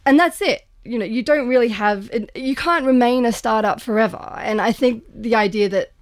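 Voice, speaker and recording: A woman's voice: a little high, normal speed, dry recording. Woman, podcast co-host, earnest and thoughtful, dry studio sound. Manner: earnest, thoughtful, with frequent restarts. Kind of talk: casual podcast discussion.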